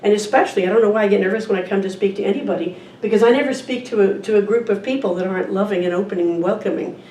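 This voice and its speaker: Rapid-fire and dark-toned, a woman with a medium-pitched voice is the guest speaker at a church service. She gives a conversational, informal sermon, reading aloud from a picture book and questioning the audience. The mic is distant in an echoey room, with faint ambience and slight background noise.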